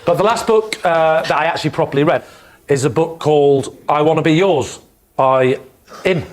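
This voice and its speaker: A man telling comic stories as a team captain on a panel show, deadpan and quick-witted. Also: a little high. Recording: studio audience laughter and noise.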